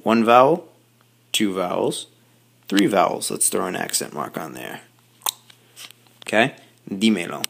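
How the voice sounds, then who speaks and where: A man teaching a recorded Spanish grammar lesson, explaining patiently step by step with quick asides to his students. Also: deep voice, very animated, vocal fry, a bit bright, husky. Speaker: high school Spanish teacher.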